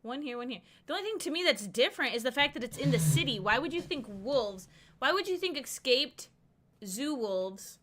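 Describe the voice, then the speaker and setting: A chatty woman streamer talking her way through a game, her voice bright and forward. She rambles through side stories and laughs often as she goes. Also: sits high, sing-song, normal speed. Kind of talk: casual gameplay commentary.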